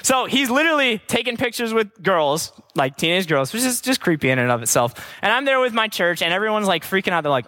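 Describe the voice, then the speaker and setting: Young male youth speaker, high bright voice, energetic and chatty. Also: fast, few pauses. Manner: energetic, slangy, chatty asides. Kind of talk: casual Bible teaching.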